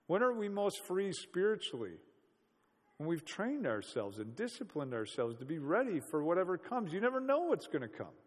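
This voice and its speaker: A man's voice: high voice, sing-song, moderate pace, big-room sound. A man preaching a sermon in a conversational, storytelling way, full of rhetorical questions.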